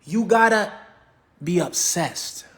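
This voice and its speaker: A man's voice: high-pitched, animated, slow pace, fairly bright tone. A man, a real estate coach giving an emphatic, repetitive motivational talk on a livestream.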